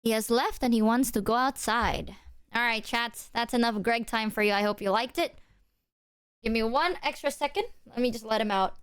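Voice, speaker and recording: A young woman livestreaming casual chat, animated and giggly, talking to her cat at her desk mic. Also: a little high, moderate pace, smooth, no echo, clean studio sound. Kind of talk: casual live-stream chat.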